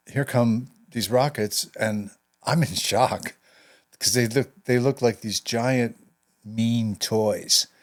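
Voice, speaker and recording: An older man telling a personal story in an interview, halting and reflective, his voice trailing off into quiet asides. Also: medium pitch. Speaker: guest, veteran actor and writer.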